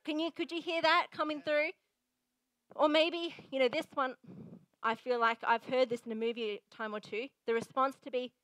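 A woman's voice: sits high, fairly even intonation, normal speed, a bit bright, dry recording, low-quality recording. A young woman pastor giving a sermon in an earnest, conversational way, repeating herself for emphasis.

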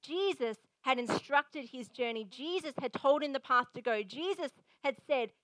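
Young female pastor, high bright voice, dry close sound, chatty but emphatic sermon delivery. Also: expressive, normal speed, no room sound, low-quality recording. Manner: earnest, conversational preaching with emphatic repeats.

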